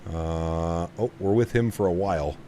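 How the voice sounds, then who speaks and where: A man with a low, warm, unhurried voice chats casually with his viewers while streaming a flight simulator, reading the chat aloud and cooing at his dog. A faint hiss or hum is audible.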